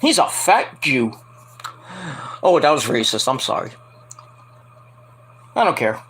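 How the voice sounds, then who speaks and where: A man hosting a casual podcast, rambling and joking while he watches a game, with loud outbursts. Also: mid-range voice, sing-song, slow pace. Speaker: podcast host.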